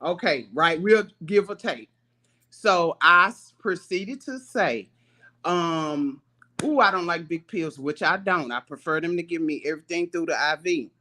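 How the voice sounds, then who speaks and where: A woman guest on a video call, telling her side of the story in casual chat, soft-spoken and laid-back. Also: on the low side, unhurried. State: hospital patient.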